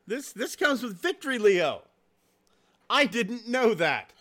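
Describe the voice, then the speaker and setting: A man in his forties co-hosting a casual podcast, excitable and swearing freely, with frequent laughs. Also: extremely high pitch, takes it slowly. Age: 40s. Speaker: podcast co-host. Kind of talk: casual chat.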